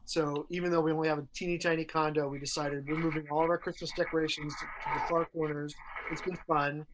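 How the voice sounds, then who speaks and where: A man's voice: on the high side, little pitch movement, fast talker, noisy background. A man co-hosting a podcast, telling stories in a chatty way with many fillers. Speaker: podcast co-host. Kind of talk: casual chat.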